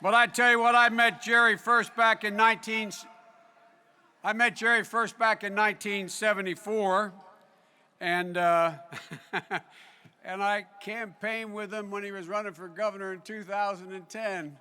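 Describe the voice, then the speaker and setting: Older man, political speaker at a big hall, high voice, very bright, loud folksy delivery. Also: level tone, unhurried, clean tone. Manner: loud, folksy, raises voice over applause. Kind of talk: convention speech. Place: large convention hall.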